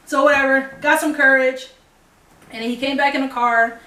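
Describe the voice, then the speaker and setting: Her voice sits high and moves at a moderate pace as this young vlogger relates a personal story on camera. She's animated, playing out each line of dialogue. The mic is distant in an echoey room.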